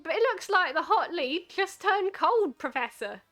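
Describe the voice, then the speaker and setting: Eager lil apprentice boy woman doing him, high and bright. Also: very animated, unhurried, soft background music, full character voice. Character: eager young male apprentice.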